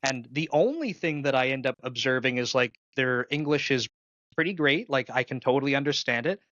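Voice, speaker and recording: A man's voice: mid-range voice, lively intonation, fairly quick, a bit bright, dry recording. A man from Canada with a Canadian accent, hosting an interview in an easygoing way and thinking aloud with restarts. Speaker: podcast host. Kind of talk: casual interview conversation. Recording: muffled, dry lo-fi mic.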